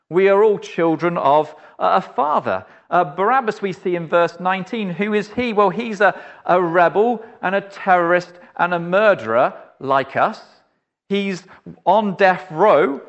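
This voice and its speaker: This preacher narrates a vivid sermon story aimed right at the listener, regularly dropping into a hushed, low plea. The high frequencies are cut off in the recording.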